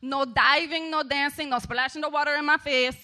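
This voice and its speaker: Woman doing a bossy lifeguard, loud scolding commands, raised pitch. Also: fairly even intonation, fairly quick. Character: bossy irritated female lifeguard barking rules.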